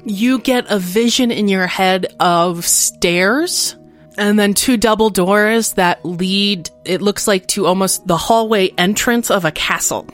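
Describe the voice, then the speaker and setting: A woman at a middle pitch runs a tabletop game as game master. She narrates the scene and patiently walks the players through the rules. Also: slow, faint music behind.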